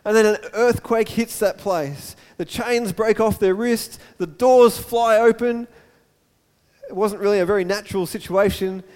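A man preaching a sermon, retelling a story in a lively, storytelling way that often repeats and restarts words. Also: high voice, measured pace, clean tone. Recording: echoey hall.

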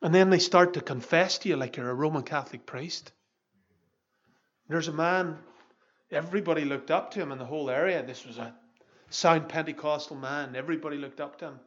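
A man's voice: on the high side, brisk, fairly bright tone, muffled recording. A pastor in his fifties preaching an earnest, emphatic sermon. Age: 50s.

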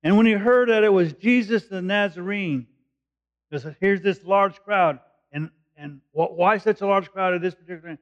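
A man working through a scripture passage like a teacher, explaining in a casual, conversational way. His voice sits a little high. The recording is muffled and lo-fi. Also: normal speed. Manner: conversational, explanatory, thinking aloud. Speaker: preacher. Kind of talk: verse-by-verse Bible teaching.

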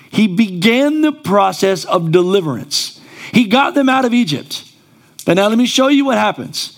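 A male pastor preaching a sermon in a church, conversational and then rising to emphatic exclamations. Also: sits high.

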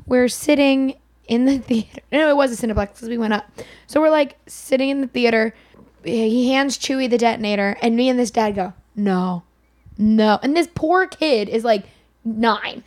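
A woman co-hosting a podcast, telling rambling, lively anecdotes and acting out what people said. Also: on the high side, brisk. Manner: lively, rambling, acts out quotes. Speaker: podcast co-host. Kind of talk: casual storytelling.

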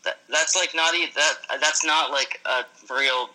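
Bright, laid-back podcast guest from Boston. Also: male voice, fairly high pitch, steady tone, measured pace, poor audio. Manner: hesitant, filler-heavy, laid-back. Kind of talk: casual podcast chat.

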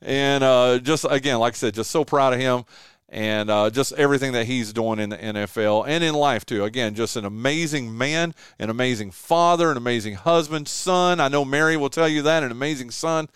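A man's voice: mid-range voice, a little fast, fairly bright tone, clear, resonant tone, no room sound. A man hosting a radio show, chatting casually and speaking with effusive enthusiasm. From eastern North Carolina. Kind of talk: casual radio interview chat.

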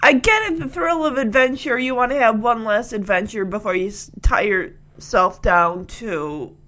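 A woman's voice: on the high side, moderate pace, fairly bright tone. A woman vlogger retelling a TV scene in a chatty way, laughing and acting out the characters' lines. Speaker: vlogger reacting to a TV clip. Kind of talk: casual reaction commentary.

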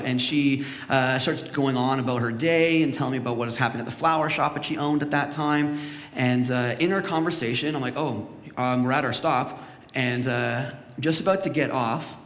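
A young man from Canada preaching a sermon as pastor, telling stories and acting out the voices of the people in them. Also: medium pitch. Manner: storytelling, acts out quoted voices. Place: church sanctuary. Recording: echoey church hall with long reverb.

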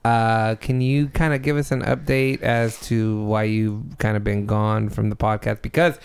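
A man's voice: on the low side, level tone, unhurried, clear, resonant tone. A man hosting a casual podcast, eager and self-deprecating, chuckling as he talks. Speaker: podcast host. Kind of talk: casual chat.

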